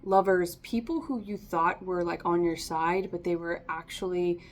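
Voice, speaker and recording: A woman's voice: on the low side, steady tone, normal speed. A woman giving a casual, chatty tarot reading to camera, encouraging and often laughing. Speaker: tarot reader.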